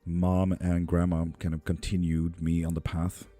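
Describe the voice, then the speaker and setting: A man's voice: deep voice, monotone, a little slow, background noise. A man in his thirties giving tarot readings on a live stream, chatting casually with viewers and joking as he reads their comments aloud. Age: 30s. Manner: laid-back, joking, chats with viewers. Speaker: livestream tarot reader.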